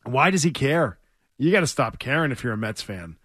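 A man's voice: medium pitch, sing-song, a little fast, fairly bright tone, dry recording, clean studio sound. A man hosting sports talk radio, blunt and mocking in his banter.

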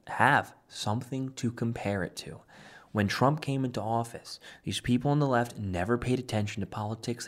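A man with a fairly low voice delivers opinionated commentary. He talks emphatically and sometimes rambles, with sudden jumps in loudness and speed. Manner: excitable, emphatic, often rambling. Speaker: political commentary host.

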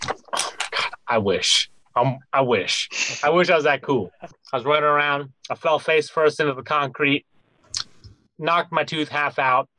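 Male guest, relaxed storyteller, filler-heavy, a bit high, dry sound. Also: unhurried, no echo. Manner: relaxed, rambling with many fillers. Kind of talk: casual video-call chat.

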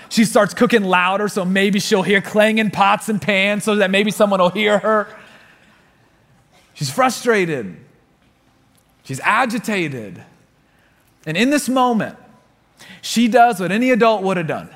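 A man preaching a sermon in a lively storytelling manner, repeating words for emphasis. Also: high-pitched, normal speed. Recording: long reverb of a big hall.

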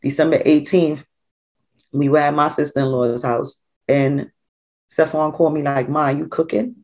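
A woman's voice: low-pitched, moderate pace. A woman, a mother talking through family memories in an interview, casual and full of "like". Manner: conversational, full of "like", lively when quoting others. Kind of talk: personal storytelling in an interview.

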